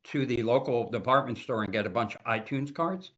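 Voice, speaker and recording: A man speaking as a cybersecurity consultant guest in a casual interview, talking in an animated, emphatic way and often repeating words. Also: mid-range voice, brisk. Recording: dull lo-fi audio.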